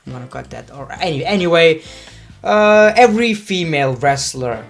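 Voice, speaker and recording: A man's voice: a little high, lively intonation, normal speed, gravelly, soft background music. A man giving casual, rambling wrestling predictions, swearing freely and cutting himself off mid-sentence. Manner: profane, rambling, self-interrupting.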